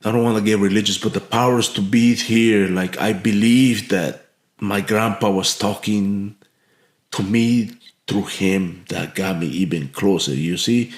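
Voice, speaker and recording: A man's voice: lowish voice, a little slow. A man from Mexico telling a heartfelt story as a podcast guest, earnest and full of restarts and fillers. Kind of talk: storytelling in an interview. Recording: echoey room.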